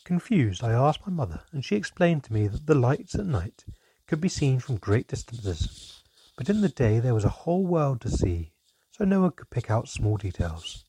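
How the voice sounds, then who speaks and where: A man narrating a fantasy storybook in an expressive, measured way. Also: mid-range voice, gravelly, breathy edge, dry recording.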